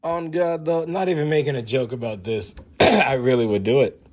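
Man, husky voice, mid pitch, casual boastful rant, swears a lot, laughs often. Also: normal speed.

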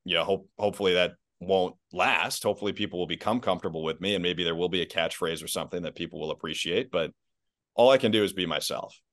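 A man with a notably low voice chats as a guest on a sports podcast. He is easygoing and self-deprecating, laughing often. The sound is dry and close. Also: quick pace, a bit bright, dry recording. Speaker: podcast guest, basketball play-by-play announcer. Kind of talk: casual podcast chat.

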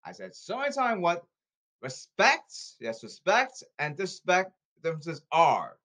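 A man's voice: high voice, sing-song, unhurried, a bit bright. A man delivering an angry, repetitive rant to the camera. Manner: repetitive, emphatic, angry outbursts. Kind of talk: ranting monologue.

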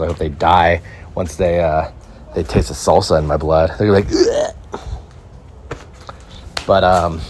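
There's slight background noise as this young man, deep-voiced, hosts a casual solo podcast from his backyard. He talks into a phone, rambling in a relaxed manner and filling gaps with "like" and "right?".

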